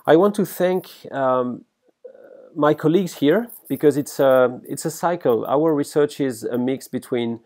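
French-accented male professor, mellow voice. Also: fairly high pitch. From France. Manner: halting, many fillers and restarts. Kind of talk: recorded workshop lecture.

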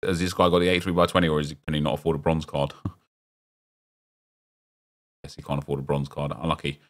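In a very deep, level voice delivered fast, a South London streamer gives rambling, casual commentary on football game pack openings. He stays chatty and drops jokey asides to his chat.

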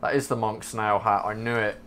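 This co-op gamer has a lowish, fairly bright voice that barely moves in pitch, and he talks fairly quickly. Chatting casually as he plays with a friend, he ribs him in a deadpan way and stages playful arguments.

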